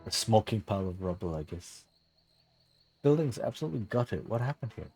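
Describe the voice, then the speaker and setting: A man's voice: lowish voice, very animated, fairly quick, dark tone, slightly rough, soft background music. A man streaming a game, tired and yawning, thinking aloud and joking casually. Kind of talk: casual gameplay commentary.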